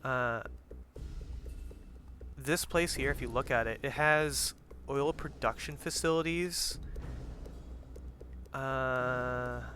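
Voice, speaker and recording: A man's voice: medium pitch, takes it slowly, long pauses, sharp tone, slight background noise. A young man giving casual, profane commentary while playing a strategy game, rambling with lots of fillers and jokes.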